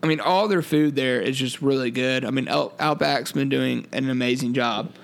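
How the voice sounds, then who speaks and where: A man's voice: medium pitch, normal speed, gravelly. A young man co-hosting a casual podcast, talking in a laid-back, joking way with lots of fillers. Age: young adult. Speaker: podcast co-host. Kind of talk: casual chat.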